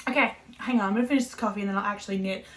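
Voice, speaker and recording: A woman's voice: medium pitch, racing, fairly bright tone. A young Australian woman hosting a knitting podcast, chatting casually and rambling a little, correcting herself and laughing often. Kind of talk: casual chat to camera.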